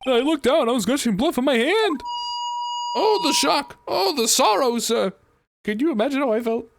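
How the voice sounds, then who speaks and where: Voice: animated, normal speed, gravelly, background noise. A streamer voicing a jittery, eager young male police officer who keeps saying "sir," with game music playing behind. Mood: dramatic. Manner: high, strained shouting, ends lines with "sir".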